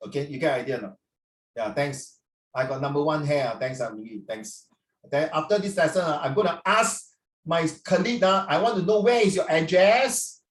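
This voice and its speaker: A man's voice: on the high side, normal speed. A middle-aged man, teaching an online class in a playful, teasing way. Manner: playful, teasing, peppers questions with "ah". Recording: roomy sound, distant mic.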